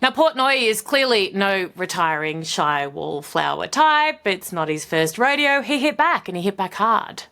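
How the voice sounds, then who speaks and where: A woman host narrates scripted commentary between clips. Her pitch swings in a lively, animated way and she leans hard on key words for dramatic effect. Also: a little slow, hardly any pauses. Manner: punchy, dramatic emphasis. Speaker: show host.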